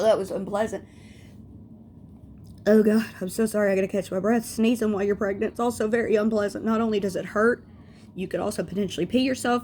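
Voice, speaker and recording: A young woman with a deep Southern accent talks in a blunt, rambling vlog style, her voice gravelly with fry and pitched a little low. A steady hiss of noise sits under her home recording. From Southern United States. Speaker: beauty vlogger. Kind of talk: casual vlog chat.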